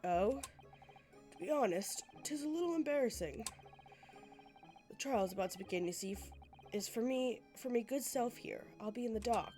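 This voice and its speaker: A sick woman voicing a boastful, wealthy man with a lowered, generic deep voice and a hoarse throat. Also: animated, moderate pace, long pauses, warm tone, faint music behind, lightly acted. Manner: lowered generic deep voice, breezy and self-important. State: ill, hoarse. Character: wealthy boastful Irish-accented man in Victorian London.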